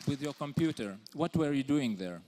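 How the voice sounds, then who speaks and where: A man's voice: mid-range voice, lively intonation, moderate pace, warm tone, some chatter behind, a little hiss or hum. A man with an Eastern European accent giving a live conference talk, teasing and calling out members of the audience. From Lithuania. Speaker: conference speaker. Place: large conference hall. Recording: long hall reverb.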